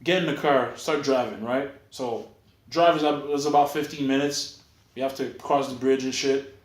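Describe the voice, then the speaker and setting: A man's voice: medium pitch, normal speed. A man co-hosting a podcast, telling a story in casual, profane chat and acting out the other people's lines. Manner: profane, animated, acts out quoted voices. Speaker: podcast co-host. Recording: echoey room.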